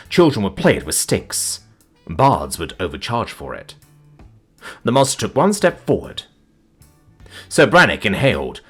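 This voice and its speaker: A man narrating a comic fantasy story with wry, deadpan asides. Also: lowish voice, breathy edge.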